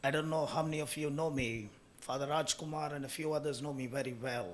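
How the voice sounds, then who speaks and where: A hoarse man giving a speech at a summit in a college hall, emphatic and building in force as he tells stories. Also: fairly high pitch, fairly even intonation, fast talker, slight background noise. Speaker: speaker at an HR summit. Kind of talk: conference speech.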